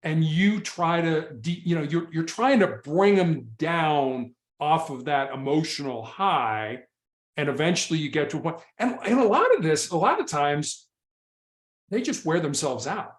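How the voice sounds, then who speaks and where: Earnest male storyteller, slightly high voice, repeats himself, echoey room. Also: animated, measured pace. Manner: repeats and restarts words, earnest. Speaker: former SWAT hostage negotiator, guest. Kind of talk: casual interview storytelling.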